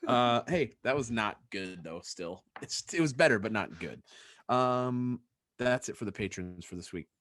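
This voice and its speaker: A man whose voice swings widely in pitch as he teases his co-hosts and laughs often, talking over a remote video call. The audio is dry and close, with no room echo. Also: animated, moderate pace, a bit bright. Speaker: podcast co-host. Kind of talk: casual chat.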